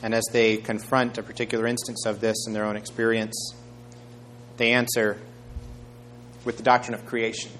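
A man preaching a sermon, reading scripture aloud in a measured way and raising his voice for quoted speech. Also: on the low side, level tone, fairly bright tone, a little hiss or hum. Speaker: pastor.

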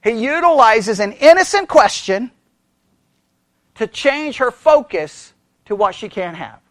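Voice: mid-range voice, lively intonation, unhurried, a bit bright, dry recording, studio quality. A Bible study teacher who speaks with energy, keeps asking the listeners questions and checking in with "right?", and thinks aloud with restarts.

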